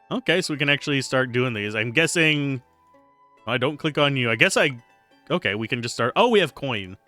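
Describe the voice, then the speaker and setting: A man's voice: mid-range voice, animated, fairly quick, pushed and bright, no room sound, soft background music. A young man giving casual gameplay commentary, musing and analytical as he thinks aloud. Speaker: game reviewer, let's player.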